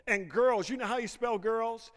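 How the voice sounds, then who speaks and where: Male pastor, middle-aged, lively call-and-response preaching, rather high voice, reverberant church hall. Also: normal speed. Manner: call-and-response, prompting the congregation to finish lines. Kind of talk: sermon. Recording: long reverb of a large hall.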